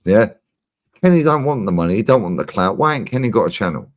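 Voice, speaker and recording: A lively man hosting his channel's live chat, talking fast and loose with plenty of swearing. His pitch swings widely as he tells his stories, sitting on the lower side overall. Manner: animated, swearing storyteller. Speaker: channel host.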